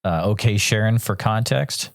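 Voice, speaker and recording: A man's voice: lowish voice, moderate pace, creaky, no room sound, clean studio sound. A man from Western Massachusetts hosting an interview, friendly and enthusiastic, with lots of filler words. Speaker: podcast host. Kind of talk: casual interview.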